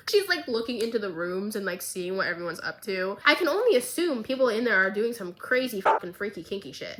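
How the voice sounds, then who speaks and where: A young woman vlogger recapping a show in a casual, excitable, rambling way, swearing freely. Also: fairly high pitch, poor audio.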